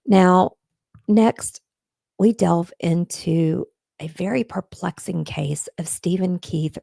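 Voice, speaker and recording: A woman's voice: on the low side, creaky, warm tone, dry recording. A woman hosting a casual true-crime live stream, chatting straight to viewers and making earnest pleas. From Texas. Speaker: podcast host.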